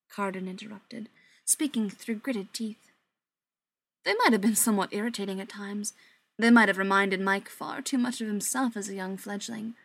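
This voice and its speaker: A woman narrates a dark audiobook in an even, measured reading. Her voice sits at a middle pitch. The studio sound is close and dry. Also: gravelly, dry recording. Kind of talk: scripted narration.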